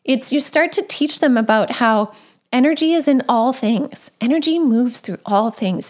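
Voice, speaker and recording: A woman, a parent, talking casually and gently about raising children, with frequent conversational fillers. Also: high-pitched, normal speed. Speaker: parent sharing advice. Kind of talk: casual advice talk.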